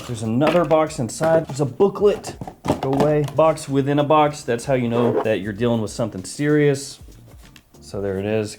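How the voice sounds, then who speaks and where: A man giving a casual, jokey fragrance review as host, chatty and self-mocking. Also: mid-range voice.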